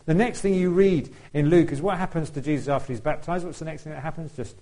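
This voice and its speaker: A man's voice: fairly high pitch, fast talker, mellow, rough recording. A man preaching a conversational sermon to a congregation, often asking them questions. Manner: chatty, asks the congregation questions, acts out quoted voices.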